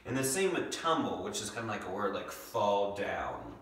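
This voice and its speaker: A young man teaching a second grade lesson from home, patiently sounding out words slowly. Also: on the low side, wildly swooping pitch, fairly bright tone. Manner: patient, slow, stretches out words to sound them. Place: home room. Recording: echoey room, mic far off.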